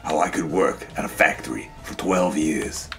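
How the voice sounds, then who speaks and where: A man voicing his crude, short-tempered father with gruff, swearing insults. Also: extremely low pitch, expressive, moderate pace, soft background music, exaggerated voice. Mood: scolding.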